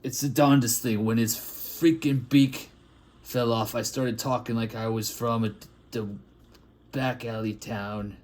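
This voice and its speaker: A man's voice: mid-range voice, steady tone, measured pace, darkish tone, natural voice. A man putting on a drawling back-alley plague doctor. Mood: rambling. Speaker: artist improvising a comic story. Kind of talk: improvised comic monologue.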